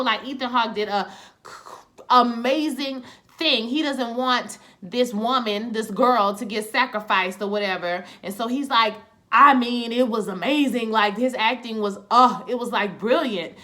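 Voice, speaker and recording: A woman recapping a TV episode for her vlog, her voice bright and a little high. She retells each scene loosely in slangy, animated talk, sprinkling in little asides as she goes. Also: moderate pace. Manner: animated, slangy retelling with quips like "child" and "honey". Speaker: TV episode reviewer.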